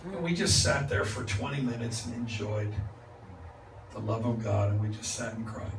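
A man's voice: medium pitch, expressive, normal speed. Male preacher, conversational storyteller, distant mic, roomy church with background noise. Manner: conversational, acts out dialogue with laughs. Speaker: guest preacher. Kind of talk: storytelling sermon. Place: church sanctuary. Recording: echoey church from far off with noise.

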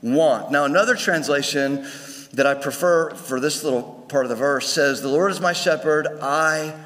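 A man's voice: a little high, moderate pace, fairly bright tone. A male pastor preaching a sermon to his congregation in a conversational way, often restarting his phrases. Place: church sanctuary. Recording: long hall reverb.

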